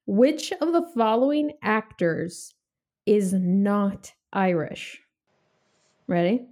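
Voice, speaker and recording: A woman hosting a casual podcast chat, playful and quick to laugh. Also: mid-range voice, a little mellow. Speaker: podcast host.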